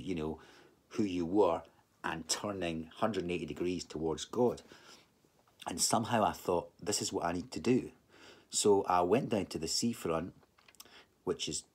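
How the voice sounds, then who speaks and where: A middle-aged man telling a personal testimony in a halting, rambling way, full of restarts and remembered thoughts. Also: sits low, husky. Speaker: speaker giving a personal testimony. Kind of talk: emotional personal storytelling.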